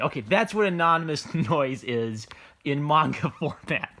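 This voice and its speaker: A manga reviewer with a slightly high, pushed and bright voice talks a little slowly, his intonation lively. His review is casual and unscripted, rambling with frequent "like" and "uh," restarting sentences often, and he sounds amused.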